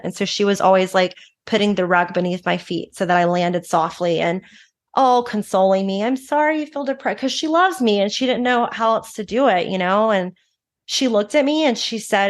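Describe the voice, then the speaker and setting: A woman in her thirties, a recovery advocate, telling her story frankly and emotionally in quick bursts with restarts. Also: mid-range voice. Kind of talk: candid personal storytelling.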